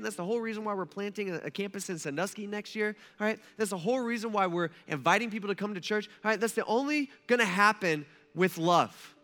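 A male pastor gives an animated, conversational sermon in a high, bright voice. He keeps it casual and direct, as if talking with the congregation. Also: fast talker, hardly any pauses, faint music behind.

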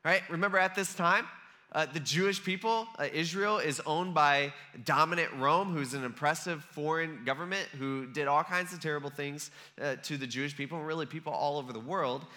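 A man with a fairly high, bright and forceful voice gives a relaxed, chatty sermon. He talks to the room as if to friends and slips into the voices of the people he quotes. His delivery is loose and animated. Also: a little fast. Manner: conversational, acts out quoted voices. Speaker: preacher. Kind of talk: casual sermon.

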